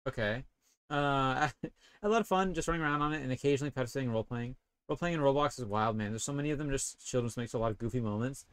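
A man's voice: medium pitch, fast talker, smooth. A young man casually commentating a video game stream, rambling and swearing often.

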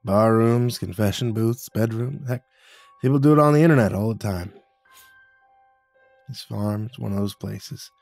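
A man playing a weathered farmer who speaks in a gentle, low, easygoing way. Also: fairly even intonation, moderate pace, creaky, slightly rough, dry recording, soft background music.

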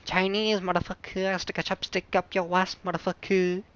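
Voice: mid-range voice, flat delivery, normal speed, fairly bright tone, clean tone, lightly acted. A friend on voice chat putting on a crude, exaggerated fake accent as a cursing restaurant owner caricature. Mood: hostile. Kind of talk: voice-chat prank banter.

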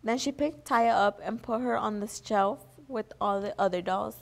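A woman's voice: on the high side, normal speed, gravelly. A young woman reading a children's picture book aloud as a volunteer, earnest, with small slips and restarts. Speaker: volunteer story reader.

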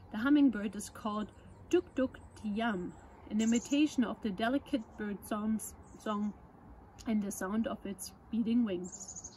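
A woman presenting children's books, reading a picture book aloud at story time in a gentle, measured way. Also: on the high side, slight background noise, poor audio.

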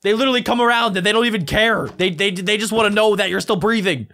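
A man hosting a casual reaction video, talking in an excitable, playful way. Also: high voice, fast talker. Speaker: YouTube reaction host.

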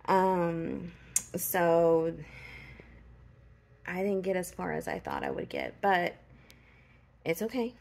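A woman talks slowly and warmly about things she is grateful for, in a casual vlog style. Her voice has a gravelly, creaky edge, and she sounds tired and emotional. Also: lowish voice, very animated. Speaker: vlogger.

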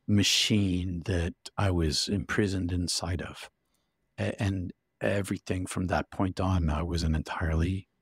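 A man's voice: low voice, husky, no room sound, clean studio sound. A man telling a personal story vividly and intensely as an interview guest, with frequent restarts.

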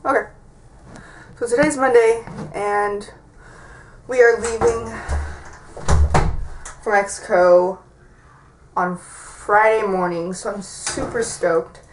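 A woman's voice: mid-range voice, steady tone, slow, long pauses, background noise. Chatty teenage girl vlogging. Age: teens. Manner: chatty, rambling, heavy use of "like". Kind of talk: casual vlog chat. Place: her bedroom at home.

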